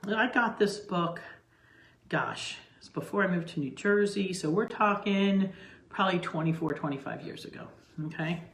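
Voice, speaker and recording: In her echoey home kitchen, a middle-aged cooking-channel host talks to the camera at a moderate pace in a low-leaning, slightly bright voice. Her relaxed chatter rambles, with frequent tangents and false starts.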